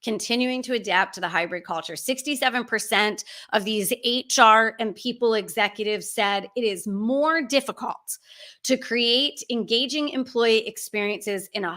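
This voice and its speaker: A woman's voice: on the high side, bright, forceful tone. A woman giving an emphatic, conversational business talk to coaches and consultants, full of rhetorical questions. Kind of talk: direct-to-camera talk.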